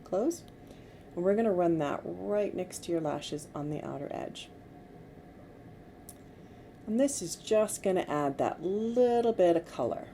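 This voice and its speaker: A middle-aged woman working as a makeup artist, giving gentle, coaxing instructions to a client during a tutorial. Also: on the low side, lively intonation, measured pace, pauses often. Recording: faint background noise.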